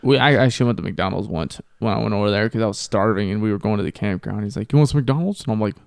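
A man's voice: on the low side, rapid-fire, creaky, a little mellow, clear, resonant tone, dry recording, clean studio sound. A young man from Ohio telling rambling, profane stories in a casual podcast chat. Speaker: podcast co-host.

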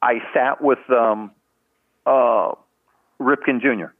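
A man's voice: medium pitch, steady tone, takes it slowly, no room sound. Older man telling stories over a tinny phone line. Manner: rambling anecdotes full of "you know" and restarts, acting out other people's lines. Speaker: guest, retired baseball team trainer. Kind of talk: casual storytelling in a podcast interview.

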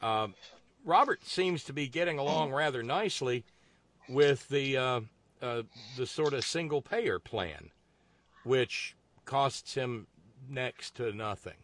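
A man's voice: mid-range voice, slow pace, fairly bright tone, a little hiss or hum. A man hosting a casual political talk show, reading a listener's note aloud with dry asides. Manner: reads figures aloud with dry asides, some stammering. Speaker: host.

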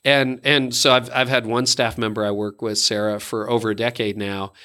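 A man's voice: mid-range voice, little pitch movement, normal speed, bright, forceful tone. A man, a pastor, talking candidly and reflectively about his own habits, acting out the lines of others as he goes. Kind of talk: conversational podcast talk.

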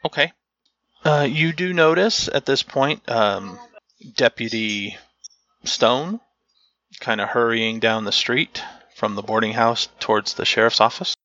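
A man narrating as game master of a tabletop game, unhurried and searching aloud for the right words. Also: mid-range voice, bright, forceful tone, no echo, lo-fi sound.

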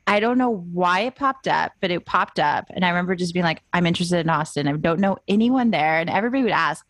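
A woman's voice: fairly low pitch, expressive, fast talker, fairly bright tone, dry recording. A young woman, a photographer, chatting as an interview guest and acting out her own past thoughts as she tells her story. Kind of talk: casual interview chat. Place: moved to Austin.

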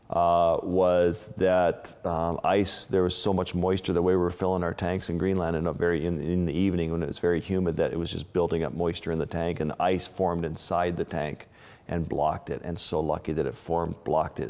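Deep-voiced man recounting dive dangers. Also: darkish tone, long reverb tail. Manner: halting, restarts often, vivid retelling. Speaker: underwater photographer. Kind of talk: storytelling interview.

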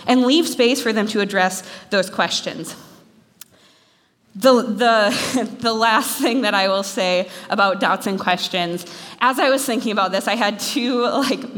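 A young woman from Minnesota giving an animated, self-deprecating talk to students. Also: mid-range voice, unhurried. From Minnesota, USA. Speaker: speaker. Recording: long hall reverb.

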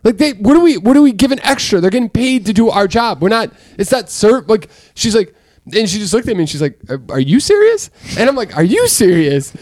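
Guy ranting and telling stories on a podcast, kinda high voice, dry sound. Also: fairly quick, dry recording. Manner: animated storyteller, exasperated rants. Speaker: podcast co-host. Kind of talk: casual chat.

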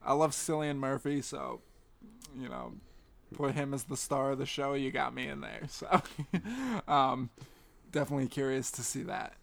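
A man's voice: medium pitch, moderate pace, gravelly. A man co-hosting a movie podcast in casual chat, joking and sarcastic. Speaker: podcast co-host.

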